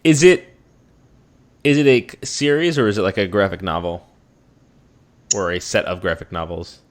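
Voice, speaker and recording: Lowish voiced guy on a movie podcast, kinda halting, lots of restarts, laughs a lot. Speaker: podcast co-host. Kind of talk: casual chat.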